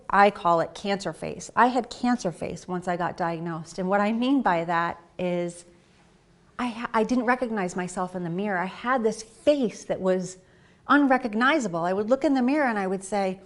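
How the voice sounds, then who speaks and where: A woman in her forties giving a personal story talk, animated, acting out her own quoted reactions. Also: medium pitch. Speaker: speaker. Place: stage talk.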